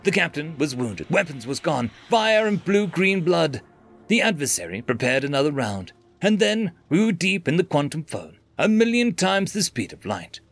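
A man's voice: fairly high pitch, sing-song, moderate pace, soft background music. A man narrating a scripted science fiction story in a dramatic, dry manner.

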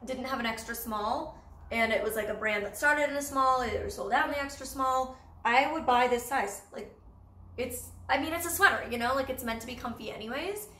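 A bubbly Canadian woman in her twenties chats about clothes with a high, bright voice. Her talk is loose and full of fillers. The room is echoey with a faint hiss behind her. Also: a little fast. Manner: bubbly, chatty, fashion-loving, many "like" fillers. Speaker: vlogger. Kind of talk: casual chat.

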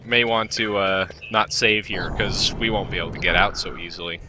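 A man's voice: low-pitched, fairly even intonation, normal speed, music in the background. A man playing a video game and commenting casually, joking and swearing freely. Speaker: let's play host and player.

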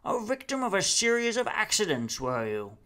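A man's voice: wildly swooping pitch, moderate pace, sharp tone, full character voice. A man voicing a grandiose, preaching figure who lectures a crowd in solemn, declamatory tones. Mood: questioning. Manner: solemn, declamatory, booming calls.

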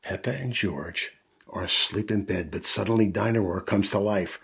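A man's voice: on the low side, normal speed, gravelly, a bit bright, breathy edge. A man reading a picture book aloud to children as a storyteller, adding friendly asides to young listeners.

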